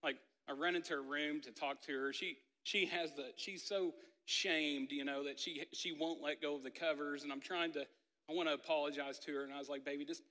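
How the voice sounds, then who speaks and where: A man's voice: fairly high pitch, fairly even intonation, a little fast, bright, forceful tone. A man in his thirties preaching a casual sermon, telling a family story with lots of "like" and "right?". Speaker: pastor. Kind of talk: conversational sermon with personal story. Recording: long hall reverb.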